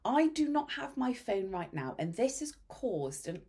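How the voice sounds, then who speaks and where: A woman hosting a mindset podcast, telling a story in a casual monologue with dramatic hushed asides. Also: on the high side, very animated, a little slow, husky. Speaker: podcast host and mindset coach.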